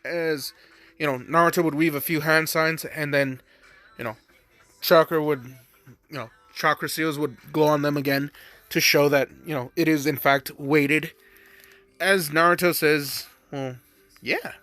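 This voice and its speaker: Guy kinda high voiced, slangy and swearing, telling an anime what-if story, dry sound, bit of music under. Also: steady tone, pushed and bright, dry recording. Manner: casual, swearing, slangy, slips into quick character voices. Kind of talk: casual retelling of a fan story.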